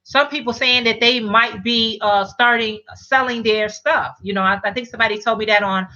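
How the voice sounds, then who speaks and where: A woman's voice: a little high, steady tone, moderate pace, pushed and bright, dull audio. A middle-aged woman hosting a casual live stream, chatting and reading viewer comments, often restarting and repeating words.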